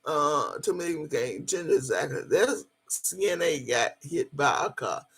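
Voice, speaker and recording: A woman telling a personal story in a casual, animated way, swearing freely as she goes. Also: sits low, measured pace, slightly rough.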